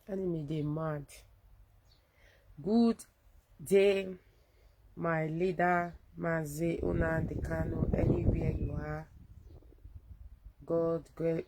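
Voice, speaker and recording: A woman with a deep, warm voice and a Nigerian accent, an activist broadcaster, gives a fervent, rallying address to viewers on a live phone video from a friend's home, mixing Pidgin and English. The recording is dry and low in quality.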